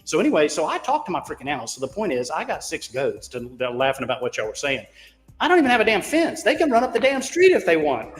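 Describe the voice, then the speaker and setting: A man with a fairly high voice calls in to a crypto talk show and tells stories in a loose, folksy, rambling way. He swears freely and pokes fun at himself, and his voice trails off into a long reverb.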